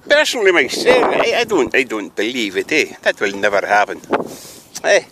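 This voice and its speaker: A man's voice: mid-range voice, huge pitch swings, moderate pace. Scottish man doing a joke newscast. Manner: rambling, chummy, keeps adding "eh?". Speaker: spoof newsreader. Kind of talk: comic mock news broadcast. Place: outdoors in strong wind. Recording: windy outdoor recording with noise.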